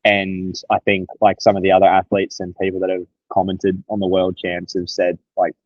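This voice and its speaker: A young Australian man co-hosting a podcast, chatting casually and excitably, with plenty of swearing. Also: deep voice, moderate pace, dry recording, highs cut off. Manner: excitable, sweary, loose storytelling. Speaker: podcast co-host. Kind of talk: casual chat.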